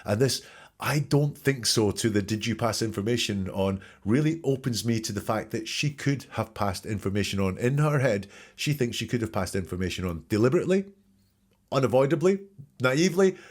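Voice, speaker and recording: Man, podcast host, fairly low voice, analytical commentary, emphatic rhetorical questions. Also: expressive, a little fast.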